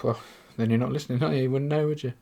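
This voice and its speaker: A man's voice: mid-range voice, steady tone, very fast, creaky, dark tone. A young man with an English accent, talking in a rambling, self-mocking solo monologue with plenty of swearing. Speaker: podcaster. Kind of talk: casual monologue.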